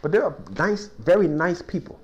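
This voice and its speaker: A man with a high voice talks at normal speed while hosting a relaxed, verse-by-verse Bible study in a small cafe. He's folksy and chatty, full of restarts and "you know"s, and he ramps up into excited sports stories.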